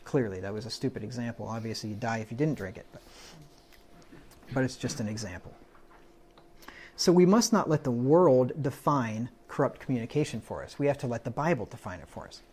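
A man delivering a conversational sermon in a church. He reads verses aloud and breaks them down plainly, often checking in with his listeners. His voice sits at an ordinary middle pitch. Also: lively intonation, fairly quick, a little mellow, slightly rough. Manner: conversational, quotes scripture, asks the room "right?". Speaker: preacher. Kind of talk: Bible-study sermon.

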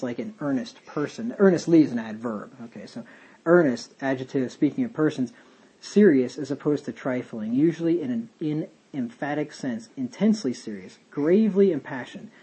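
A man's voice: a little high, dark tone, husky, rough recording. A man leading a casual Bible study, talking in a rambling, conversational way with many fillers and tangents. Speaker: Bible teacher.

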